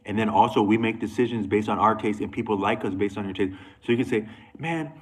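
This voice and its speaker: A man's voice: on the low side, little pitch movement, fast, poor audio. A man talking to camera in a loose, rambling monologue, restarting sentences and going off on asides. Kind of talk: casual monologue.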